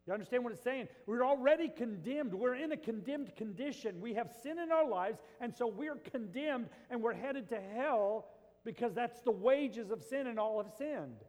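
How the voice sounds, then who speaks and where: Animated high-voiced male preacher. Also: normal speed, big-room sound. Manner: animated preaching, swinging from loud to hushed. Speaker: pastor. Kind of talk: sermon.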